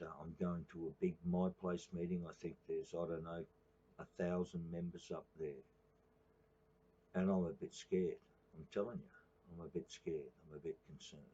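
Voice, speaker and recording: Deep gravelly-voiced Australian man. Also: dark tone, muffled recording. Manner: rambling, swears, many fillers. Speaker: activist channel host. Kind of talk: late-night livestream monologue.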